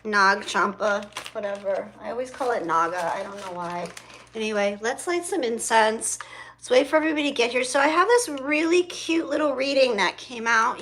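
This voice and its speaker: A woman's voice: fairly high pitch, pushed and bright, a little hiss or hum. A woman hosting a casual spiritual livestream from her phone, greeting viewers by name and swearing freely. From South Florida. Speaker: livestream host and spiritual reader.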